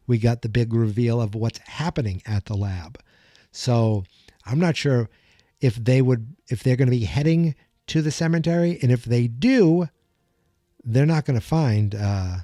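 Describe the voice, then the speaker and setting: A man's voice: mid-range voice, measured pace, warm tone, dry recording, clean studio sound. A man hosting a fan podcast, chatting through an episode recap in a loose, emotional way. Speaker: podcast host.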